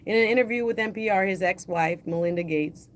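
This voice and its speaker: A woman hosting a livestream, reading news articles aloud in a slow, deliberate way and adding casual asides of her own. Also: mid-range voice, a little hiss or hum. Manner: reads quotes slowly and deliberately, adds casual asides. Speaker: livestream host.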